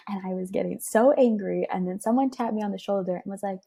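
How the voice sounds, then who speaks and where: A young woman tells a personal story with a husky, gravelly edge. Her tone is mellow and dark, and she livens up the telling by acting out what others said. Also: mid-range voice, fast talker, few pauses. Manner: lively, acts out quoted dialogue. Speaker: guest.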